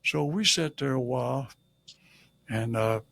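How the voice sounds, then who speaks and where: A man's voice: mid-range voice, a little slow, vocal fry, a bit bright, no echo. An older man from Louisiana with a Southern accent, telling folksy, humorous stories as a guest on an interview show. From Shreveport, Louisiana. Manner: folksy, humorous, chuckles at his own jokes. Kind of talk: storytelling.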